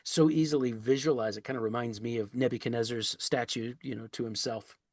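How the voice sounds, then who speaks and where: A man's voice: mid-range voice, steady tone, brisk, no echo, clean studio sound. A man hosting a podcast, talking about a poem in an enthusiastic, conversational way with frequent fillers. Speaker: podcast host. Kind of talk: literary discussion.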